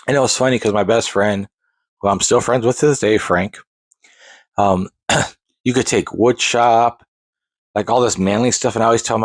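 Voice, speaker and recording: A man in his forties, hosting a podcast, tells a long personal story in a casual monologue. His voice is on the low side and brisk, with frequent pauses and no echo, and he rambles with restarts and side digressions.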